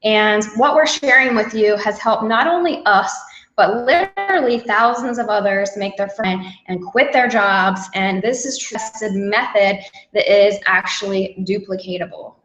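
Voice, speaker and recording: A woman's voice: mid-range voice, measured pace, a bit bright, roomy sound, dull audio. A woman co-hosting a live online sales webinar, upbeat and persuasive, repeating key points for emphasis. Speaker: webinar co-host.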